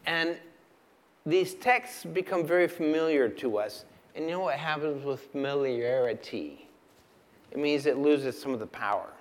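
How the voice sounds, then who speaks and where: A man preaching a sermon, asking the listeners questions and swinging from loud emphasis to hushed, quiet lines. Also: fairly high pitch, normal speed. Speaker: pastor.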